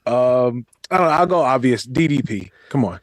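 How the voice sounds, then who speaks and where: A man's voice: mid-range voice, animated, moderate pace, dry recording. A man co-hosting a podcast, joking and teasing in slangy casual banter.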